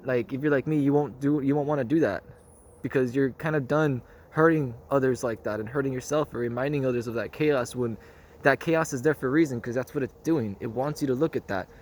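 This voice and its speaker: This spiritual vlogger speaks in a mid-range, slightly mellow voice, with a little background noise behind him. His reflective monologue is earnest and rambling, repeating himself, circling back to one phrase, and checking in with "you know what I mean?"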